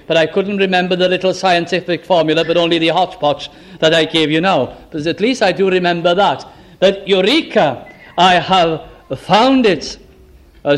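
A man preaching a sermon with fervour, asking the listeners question after question and slowing right down to stress key phrases. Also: sits high. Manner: fervent, asks the listeners many rhetorical questions.

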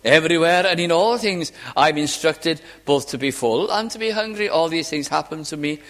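A man preaching a sermon, slow and emphatic, letting key words fall away to a hush. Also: a little high, big-room sound. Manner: slow, emphatic, with dramatic drops to near silence.

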